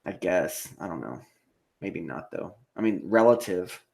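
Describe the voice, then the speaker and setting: A man's voice: low-pitched, lively intonation, measured pace, creaky, darkish tone. Profane rambling American man streaming live. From United States. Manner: profane, rambling, laughs often, reads viewer comments aloud. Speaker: live stream host reading chat. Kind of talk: casual live stream chat.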